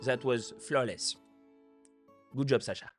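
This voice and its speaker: A man's voice: medium pitch, a little slow, faint music behind. A young French man with a French accent, hosting a reaction video and playfully explaining pronunciation. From France. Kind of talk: casual commentary.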